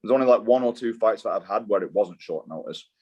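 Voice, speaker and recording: A man's voice: lowish voice, quick pace, a little mellow, husky, dull audio. A young British man, a fighter, talking in a laid-back, slangy way as an interview guest, swearing and saying "dude" a lot. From Britain. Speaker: guest, mixed martial arts fighter. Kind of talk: casual interview chat.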